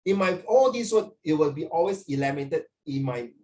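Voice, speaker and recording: A man's voice: fairly high pitch, brisk, recorded from a distance. Preachy middle-aged man with a Singaporean accent. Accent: Singaporean English. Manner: animated and preachy, mixing in Mandarin phrases. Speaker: teacher. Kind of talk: classroom lecture.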